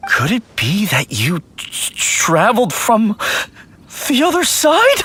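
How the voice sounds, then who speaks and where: A man's voice: high voice, sing-song, moderate pace, sharp tone, dry recording, heavily acted. An actor voicing a timid, jumpy young male undertaker who pleads nervously and yelps in fright. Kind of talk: video game voice acting.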